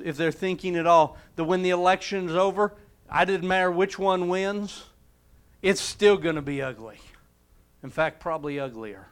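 A man preaching a sermon, retelling a scripture story and swinging between emphatic and hushed delivery. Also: sits high, normal speed, smooth.

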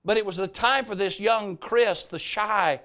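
An older Southern man preaching from the pulpit, his voice pitched high for a man. He tells stories with animated storytelling and acts out the people he quotes. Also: measured pace. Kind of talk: sermon storytelling.

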